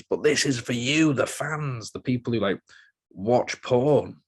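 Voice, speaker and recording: A man hosting a podcast, chatting casually in a self-mocking, animated way. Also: mid-range voice, measured pace, husky. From Britain. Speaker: podcast host.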